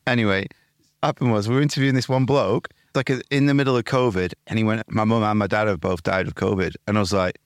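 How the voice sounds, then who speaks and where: A man's voice: fairly low pitch, fairly even intonation, fast, no room sound, clean studio sound. A young man co-hosting a podcast, telling crude anecdotes with lots of swearing and doing voices of the people in his stories. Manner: swearing, laughing storyteller who mimics other people. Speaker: podcast co-host. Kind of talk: casual banter telling anecdotes. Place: home studio.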